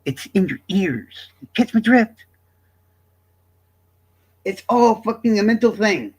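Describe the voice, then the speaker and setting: A man in his fifties ranting to his stream chat in a profane, cocky, combative way. His voice sits high for a man and swings widely as he taunts and brags. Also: expressive, takes it slowly. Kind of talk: livestream rant to chat.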